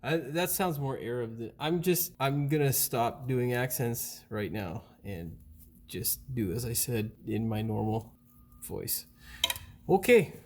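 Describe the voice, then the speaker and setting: A mechanic who hosts a channel walks through a hands-on car repair tutorial, talking casually, bluntly and with mild profanity, recorded on a camera mic in a garage workshop. His mid-range voice is animated and darkish in tone, and he speaks at a slow pace.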